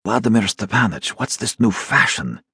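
A man's voice: animated, normal speed, sharp tone, slightly rough, dry recording, studio quality, full character voice. A man voicing a flustered male merchant in trouble, indignant and pleading, in an audiobook reading. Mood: alarmed. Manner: indignant, pleading, rising to high exclamations.

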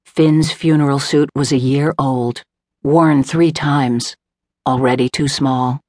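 A woman reading a literary novel aloud in a measured, unhurried way, voicing the characters lightly. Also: very deep voice, fairly even intonation, darkish tone, dry recording, studio quality. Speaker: audiobook narrator. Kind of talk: scripted narration. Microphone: close studio mic, dry.

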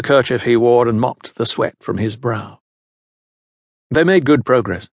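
A man giving a measured, scripted narration of a historical novel. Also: mid-range voice, creaky, dry recording. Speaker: audiobook narrator.

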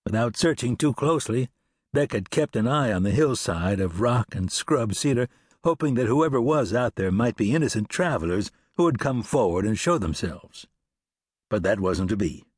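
A man narrating a western audiobook with expressive storytelling. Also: medium pitch, normal speed, husky, dry recording, clean studio sound. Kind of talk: scripted narration.

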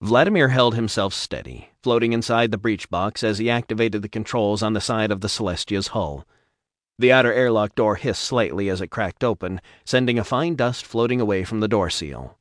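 A man reading a science fiction audiobook in a steady, even narration on a studio mic. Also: on the low side, normal speed, no room sound. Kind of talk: scripted narration.

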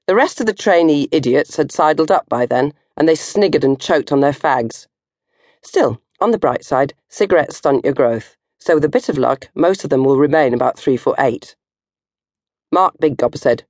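An older woman reading her own comic novel in first person, animated and jumping to high squeals for effect. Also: normal speed, dry recording, clean studio sound.

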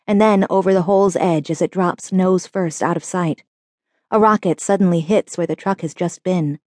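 A woman narrating a short story audiobook in an even, descriptive storytelling manner. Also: on the low side, dry recording, studio quality. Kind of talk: scripted narration.

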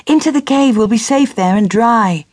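A woman's voice: a little high, moderate pace, darkish tone, no echo, clean studio sound, voice pushed up, lightly acted. A woman voicing an earnest, lovestruck young upper-class man who speaks politely and eagerly.

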